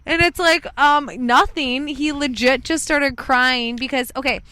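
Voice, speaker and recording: Podcast co-host, woman in her twenties, high-pitched and chatty, recorded dry. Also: steady tone, measured pace, sharp tone, no echo. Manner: storytelling, acting out quoted lines, frequent "like". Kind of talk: casual chat.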